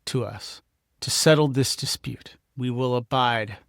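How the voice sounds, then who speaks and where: A grave shrouded male leader of a sect, as a man acts him out makes slow, measured demands. The delivery is deliberate, and the sound is dry and close. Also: medium pitch, gravelly, a bit bright, no room sound. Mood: stern.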